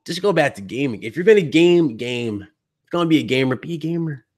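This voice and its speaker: A man's voice: on the high side, expressive, fast talker. A male gaming podcast host ranting to his live chat in a heated, blunt and mocking way. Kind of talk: live stream rant to chat.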